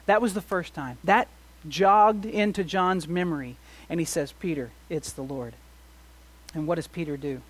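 A middle-aged male pastor preaching a sermon. He swings from soft to loud and asks the congregation rhetorical questions. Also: high voice, normal speed.

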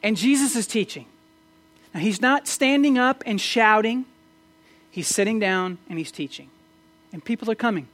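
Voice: medium pitch, normal speed, pauses often, a bit bright. Conversational pastor preaching. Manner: conversational, with rhetorical questions and stammered restarts. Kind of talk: sermon. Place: church service.

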